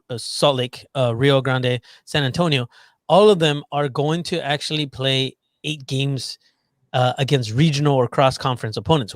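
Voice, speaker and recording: A man co-hosting a sports podcast in casual chat, lively and teasing as he explains the schedule. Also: medium pitch, no room sound, studio quality. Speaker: podcast co-host.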